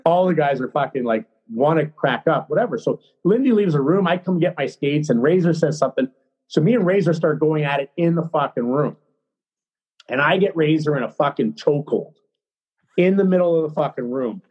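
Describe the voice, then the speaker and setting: A middle-aged man, a former hockey player, telling a story as a podcast guest in a blunt, excitable, profane way. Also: fairly high pitch, brisk, slightly rough, dull audio. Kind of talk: casual storytelling.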